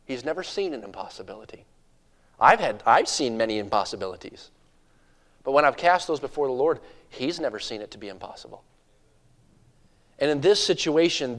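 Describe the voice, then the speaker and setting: A man preaching a sermon who drops to a hush and then rises to loud, urgent passages, often repeating words when he gets going. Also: medium pitch. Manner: swings from hushed to loud and urgent, acts out voices. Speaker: pastor.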